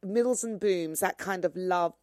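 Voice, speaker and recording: A woman's voice: lowish voice, darkish tone, dry recording, clean studio sound. Chatty woman interviewer. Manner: chatty, quick to laugh. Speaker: host. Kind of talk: casual interview.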